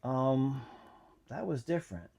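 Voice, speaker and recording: A man's voice: mid-range voice, expressive, vocal fry, darkish tone, breathy edge. Reflective man sharing a personal testimony. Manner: reflective, halting, many fillers. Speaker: channel host.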